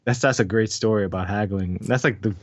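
A man's voice: on the low side, a little fast, dry recording. A man hosting a podcast in casual chat, joking around and laughing often. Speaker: podcast host. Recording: dull, dry recording.

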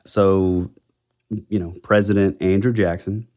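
Low-voiced man telling a ghost story. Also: flat delivery, unhurried, darkish tone. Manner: rambling, self-correcting storyteller. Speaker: podcast co-host. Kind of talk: casual chat about a ghost legend.

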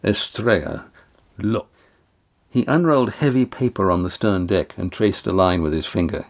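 Low-voiced male audiobook narrator. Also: lively intonation, brisk.

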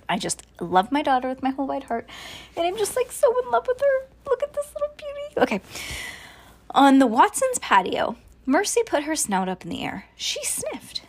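A mother reading a children's book aloud to her daughter, animated and affectionate, breaking off for chatty asides. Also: on the high side, breathy edge.

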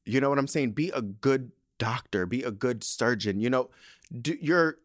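A man's voice: medium pitch, normal speed, dry recording, clean studio sound. A man hosting a podcast, talking in a candid, chatty way with frequent slang and profane asides. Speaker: podcast host. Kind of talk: casual chat.

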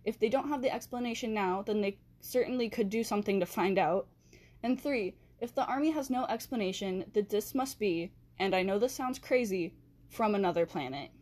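Holding a handheld mic steady, a woman hosts a history podcast, telling it casually with chatty tangents and corrections to herself. Her mid-range voice has a darkish tone and moves at a moderate pace.

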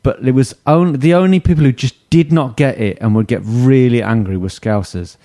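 A man's voice: medium pitch, moderate pace, dark tone. A man hosting a casual football podcast chat, jokey, laughing often and trailing off mid-sentence. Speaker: podcast host.

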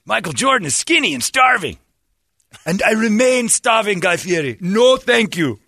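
A man putting on the voice of a proud, starving male villager in a mocking, exaggerated, shouty way. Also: sits high, very animated, moderate pace, creaky, husky, no room sound, voice pushed up, full character voice. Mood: scornful.

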